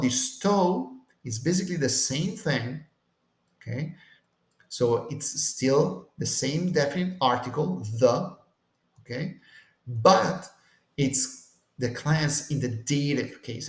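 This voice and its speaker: A man's voice: mid-range voice, animated, slow pace. Man teaching Greek in a roomy echo. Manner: checks in with "okay?" after almost every point. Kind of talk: Bible language lecture.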